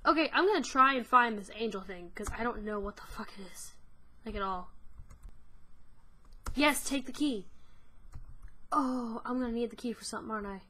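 A woman's voice: a little high, moderate pace, pauses often, bright, forceful tone. A woman giving casual gameplay commentary who swears often and yelps when startled. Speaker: let's-play gamer. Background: game music.

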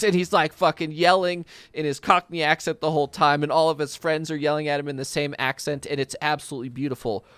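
A man's voice: medium pitch, no echo. A man narrating a tabletop game as game master, describing scenes vividly with many fillers.

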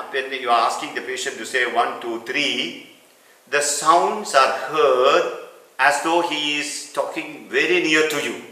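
A medical teacher gives a clinical lecture, explaining things step by step and repeating the key terms. His voice is medium-pitched with a sharp tone. The room is echoey and the mic sits at a distance.

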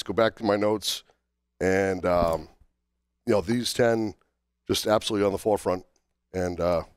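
A man co-hosting a casual podcast while under the weather from a cold, talking haltingly with many fillers as he works through a list. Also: lowish voice, smooth, dry recording, clean studio sound. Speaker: podcast co-host.

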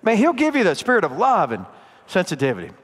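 A middle-aged pastor delivers his sermon in a high-pitched, folksy storytelling voice. He talks to the pews as if chatting with neighbors. The church leaves a long reverb trailing after his words. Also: wildly swooping pitch, quick pace, fairly bright tone. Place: church sanctuary.

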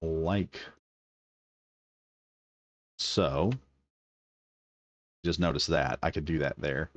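A man's voice: rumbling low, drawn-out words, dry recording. A man giving casual, enthusiastic gameplay commentary, thinking aloud as he builds. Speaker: gaming video creator.

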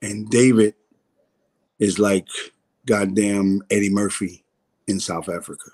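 A man's voice: fairly low pitch, fairly even intonation, slow, a little mellow. A man, a comedian guest in a casual interview, telling a story candidly, swearing freely and acting out the voices he quotes.

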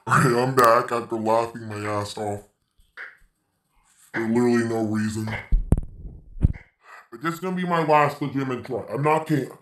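A man's voice: mid-range voice, moderate pace, long pauses, a bit bright, roomy sound, low-quality recording. A man giving let's-play commentary on a game, swearing and venting frustration between plays. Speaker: gaming YouTuber.

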